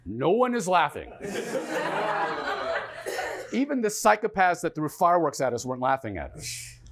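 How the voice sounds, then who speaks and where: Sex: man. Role: stage comedian. Style: one-man storytelling. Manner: animated, slightly high-pitched, trips over words. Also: moderate pace, very noisy. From New York. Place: theatre stage.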